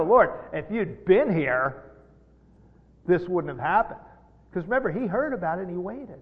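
A middle-aged man preaching a sermon as pastor, earnest and halting, with repeated words, rising to emphatic peaks. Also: sits high. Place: church sanctuary. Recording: dull sound with long hall reverb.

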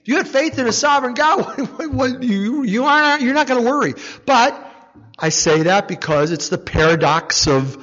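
A man giving a conversational sermon, animated, with frequent rhetorical asides and "right?". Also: very high-pitched, moderate pace. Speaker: preacher. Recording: dull sound with long hall reverb.

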